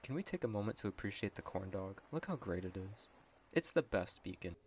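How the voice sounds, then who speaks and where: Man, gaming commentary, chatty, excitable, very animated pitch. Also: fairly quick, slight background noise. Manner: excitable, chatty, laughs often. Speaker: gaming video creator. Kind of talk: casual gameplay commentary.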